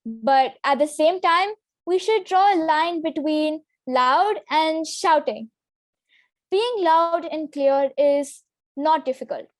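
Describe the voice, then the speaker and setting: A young woman presenting a public speaking lesson in a clear, instructive way. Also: high voice, no room sound, clean studio sound. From Singapore. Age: teenager. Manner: clear, instructive delivery with demonstration sentences. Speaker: student workshop presenter.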